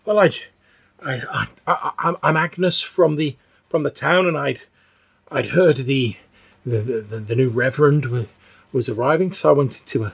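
A man's voice: mid-range voice, moderate pace, vocal fry, slightly rough, pitched above the performer's own voice. A man voicing a frail, fussy old female churchgoer who stammers and repeats words, out of breath. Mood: flustered.

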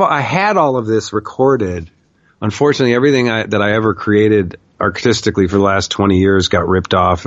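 A man with a low-pitched voice casually tells a long personal story, candid and profane, constantly saying "like." The audio is dull, with no echo.

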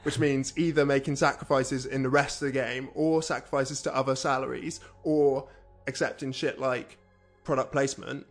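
A man's voice: medium pitch, little pitch movement, normal speed, soft background music. A man co-hosting a casual chat, blunt and opinionated, swearing casually. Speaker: podcast co-host.

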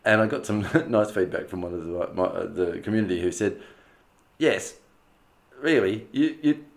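Chatty man, lowish voice. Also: steady tone, fast talker, creaky. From Australia. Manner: chatty, laughs often, swears casually. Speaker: podcast host. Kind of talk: casual monthly review monologue.

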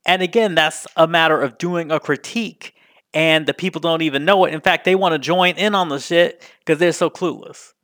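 A man's voice: a little high, moderate pace, no echo, clean studio sound. A man hosting a podcast alone, talking casually and with feeling, swearing often and putting on mocking voices. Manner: animated, profane, mocking impressions. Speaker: podcast host. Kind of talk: casual solo commentary.

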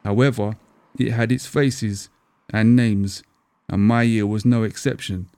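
A middle-aged man narrates a scripted story, wry and deadpan. His voice is mellow and warm, and it is recorded close and completely dry. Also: on the low side, a little slow, no room sound. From England. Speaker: storyteller and podcast host.

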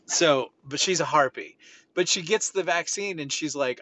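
A man's voice: a little high, normal speed, sharp tone. A middle-aged man hosting a podcast, telling stories with animation and acting out the exchanges. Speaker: podcast host. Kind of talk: casual podcast chat. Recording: slightly dull audio with faint noise.

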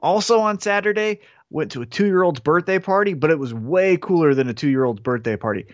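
A man's voice: fairly high pitch, lively intonation, fairly quick, dry recording, dull audio. A man, co-hosting a podcast and telling wry anecdotes in casual chat. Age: 30s. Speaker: podcast co-host.

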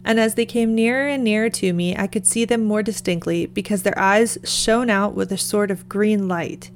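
Storybook gravedigger, put on by a woman, eager, breathless, mid-pitched. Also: moderate pace, a little hiss or hum, close to an everyday voice. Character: excited rustic man, a village gravedigger.

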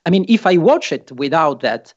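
A man from Italy with an Italian accent, a guest in a podcast conversation, speaking haltingly with many fillers. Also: on the high side, sing-song. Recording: dull lo-fi sound.

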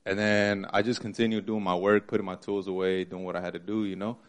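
A man with a low voice telling a personal story in a casual group chat, animated and laughing often. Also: fast talker. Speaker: group participant sharing a story.

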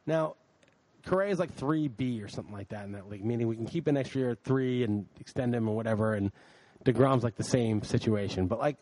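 A man's voice: medium pitch, fast, poor audio. A man co-hosting a podcast, ranting in casual chat with frequent swearing. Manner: animated, profane ranting. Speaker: podcast co-host.

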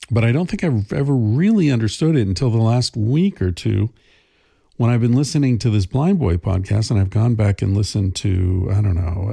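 A man's voice: fairly low pitch, vocal fry, dark tone, slightly rough, no echo, studio quality. A middle-aged man hosting a podcast, talking casually in a thoughtful, rambling way with many fillers and restarts. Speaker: podcast host. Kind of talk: casual monologue.

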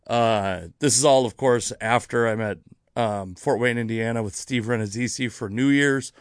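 A man's voice: medium pitch, normal speed, smooth, no room sound, clean studio sound. A man hosting his own comedy podcast, rambling through dates and topics in casual, self-correcting chat with the odd curse. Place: near Seattle.

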